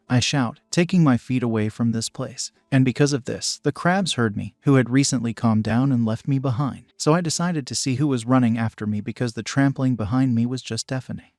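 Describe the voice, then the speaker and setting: A man narrating a comic fantasy recap in an even, unhurried first-person storytelling voice. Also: medium pitch, no echo, clean studio sound.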